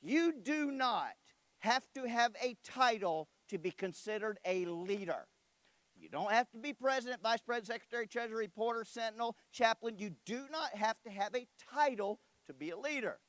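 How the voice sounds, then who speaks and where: A man with a notably high voice delivers a motivational talk, animated and storytelling, turning often to question his audience directly. The sound is dry and close, with almost no room echo. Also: normal speed. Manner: animated storyteller who acts out dialogue. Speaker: convention speaker. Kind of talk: motivational speech with personal stories.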